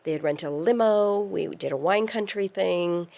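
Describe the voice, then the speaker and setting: Gravelly-voiced woman telling a story. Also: lowish voice, normal speed. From California. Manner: lively storyteller, acts out quoted voices. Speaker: podcast guest. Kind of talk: casual storytelling interview.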